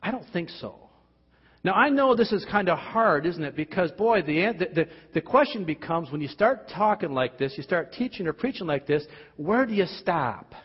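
A man preaching a sermon, asking emphatic rhetorical questions and dropping at times to quiet, intense tones. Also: expressive, normal speed, husky. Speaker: pastor. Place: church. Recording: dull, boomy hall sound.

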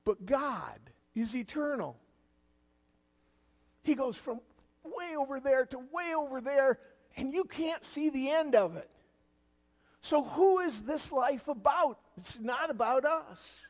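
High-voiced preaching man in a reverberant hall. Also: animated, slow, pauses often. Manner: preaching with sudden loud rises and quiet drops. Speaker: guest pastor. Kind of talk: sermon.

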